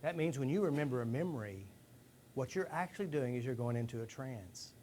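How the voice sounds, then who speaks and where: A man giving a lively live talk to a rehab group, asking the room questions and acting out stories. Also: mid-range voice, fairly quick, slight background noise. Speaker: speaker addressing a rehab group. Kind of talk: live motivational talk to an audience.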